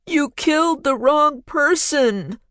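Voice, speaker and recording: A frightened man whose desperate cry rings out high and shrill in an audiobook. The voice lands far above the reader's own. It comes across dry and close. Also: animated, takes it slowly, a bit bright, no room sound, full character voice. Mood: panicked. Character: frightened man's remembered cry, echoing.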